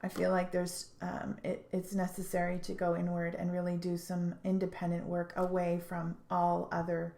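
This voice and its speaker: A woman giving a spiritual tarot reading in an earnest, halting way, often restarting her sentences. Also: lowish voice, completely flat delivery, warm tone. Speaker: tarot reader. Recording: echoey room.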